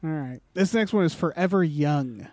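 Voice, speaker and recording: A man's voice: on the high side, moderate pace, darkish tone, no echo. A man hosting a casual movie podcast, wry and joking as he talks about trailers.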